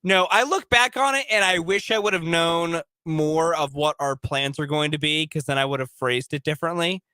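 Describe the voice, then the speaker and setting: A man co-hosting a sports talk radio show, chatting casually and defending himself with lively restarts. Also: a little high, moderate pace, clean tone, no room sound. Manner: animated, self-defending, repeats words.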